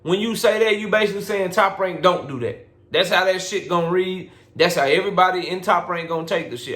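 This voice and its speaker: A man's voice: sits high, fairly quick, fairly bright tone. A man hosting a boxing commentary vlog, speaking in a casual, blunt and profane rant that lectures his listeners. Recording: roomy echo.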